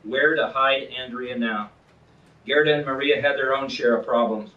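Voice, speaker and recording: A man reading a passage from his book aloud in an earnest, measured way, with a few small slips. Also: mid-range voice. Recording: roomy, distant, dull lo-fi sound.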